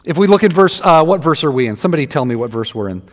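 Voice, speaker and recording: High-voiced man preaching in a reverberant hall. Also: very fast. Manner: conversational, animated, acts out scripture quotes. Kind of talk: sermon.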